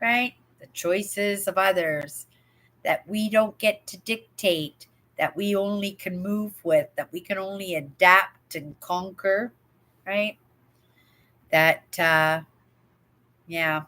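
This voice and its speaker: A woman's voice: medium pitch, slow, a bit bright. An older woman from Canada hosting a casual livestream, reading viewer comments aloud and chatting with rambling asides and frequent "right?". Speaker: livestream host.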